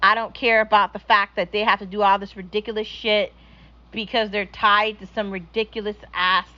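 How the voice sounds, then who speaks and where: A woman's voice: mid-range voice, little pitch movement, normal speed, dull audio. A young woman hosting her own show, ranting bluntly and profanely in a casual opinion monologue. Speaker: podcast host.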